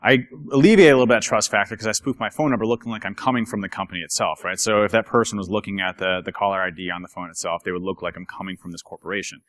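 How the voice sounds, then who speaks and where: A man giving a casual, chatty conference talk to a live audience, telling stories in an animated way. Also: lowish voice, rapid-fire, few pauses. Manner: chatty, animated, acts out quoted voices. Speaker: conference speaker.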